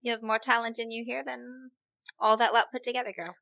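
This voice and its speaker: A woman's voice: fairly high pitch, little pitch movement, fairly quick, creaky, bright, forceful tone, dry recording. Woman doing a seductive Scottish patroness. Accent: light Scottish. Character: poised, seductive woman art patron hosting soirees.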